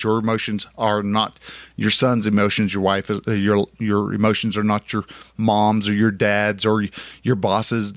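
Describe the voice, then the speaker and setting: Low-voiced rambling Texan man. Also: a bit bright, dry recording, clean studio sound. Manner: rambling, folksy, self-correcting with many restarts. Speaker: podcast host. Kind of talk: casual solo podcast monologue.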